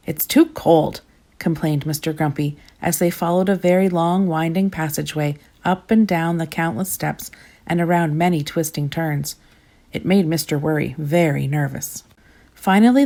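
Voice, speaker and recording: A woman reading a children's storybook aloud in a gentle, expressive storytelling manner. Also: on the low side. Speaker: storybook reader.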